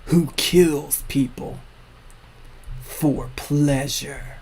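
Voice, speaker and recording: A man's voice: a little high, fairly even intonation, extremely slow, a little mellow, slightly rough, full character voice. A man doing a suave, cold villain. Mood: menacing. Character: suave male villainous future self, cold.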